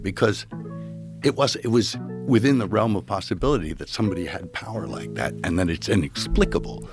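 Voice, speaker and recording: A deep, gravelly male voice that swings in pitch as he tells a story with halting restarts. He's a podcast guest who acts out what people said. Guitar music plays clearly behind him. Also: lively intonation. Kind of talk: casual storytelling.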